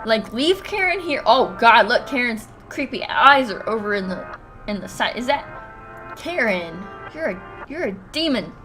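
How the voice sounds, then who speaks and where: A woman giving casual, expressive commentary while playing a video game. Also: fairly high pitch, a little slow, faint music behind. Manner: expressive reactions, musing aloud.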